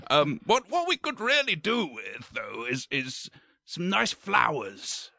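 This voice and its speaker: A man's voice: a little high, huge pitch swings, takes it slowly, vocal fry, sharp tone, dry recording, exaggerated voice. A man putting on a dithering charity shop clerk. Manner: hesitant, stammering.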